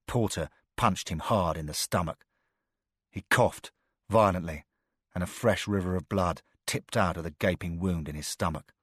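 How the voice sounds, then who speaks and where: A man narrating a thriller audiobook in a steady, measured manner. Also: deep voice, no room sound, clean studio sound.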